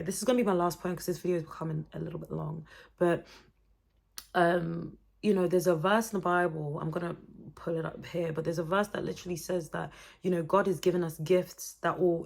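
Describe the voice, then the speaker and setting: A young woman vlogging with a low, gravelly voice full of vocal fry. She chats expressively and gives faith-based encouragement. She speaks directly to her viewers in a casual motivational talk.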